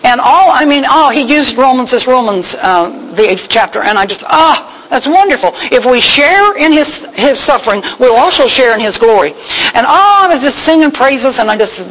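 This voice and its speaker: A woman tells a personal faith story to a church group, swinging between hushed and excited as she talks. She is folksy and heartfelt, with plenty of ums and uhs. There is faint noise in the background. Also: a little high, a little fast, poor audio. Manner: emotional, folksy storyteller with many fillers. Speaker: speaker at a women's church gathering. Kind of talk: personal testimony talk.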